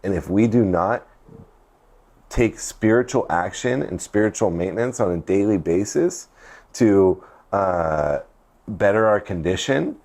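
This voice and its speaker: A man's voice: lowish voice, animated, unhurried, darkish tone. A man who hosts a recovery podcast, speaking steadily and earnestly about the program and explaining its slogans. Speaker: podcast host, recovery center partner.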